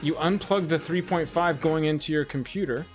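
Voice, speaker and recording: A man's voice: a little high, moderate pace, loud music behind the voice. Playful man hosting a livestream. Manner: playful, joking, announcer-like hype. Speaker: livestream co-host. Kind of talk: casual livestream chat.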